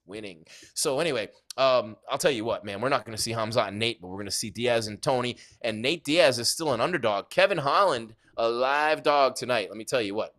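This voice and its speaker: A man hosting a live fight-night stream, chatting casually and shouting out viewers in the chat. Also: mid-range voice. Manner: hyped, rambling, shouting out viewers. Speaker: livestream host.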